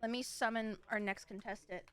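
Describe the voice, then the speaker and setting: A woman's voice: fairly high pitch, steady tone, a little fast, a bit bright, clean tone. A woman hosting her live stream, chatty, giggly and a bit scattered as she welcomes guests. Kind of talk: casual live-stream chat.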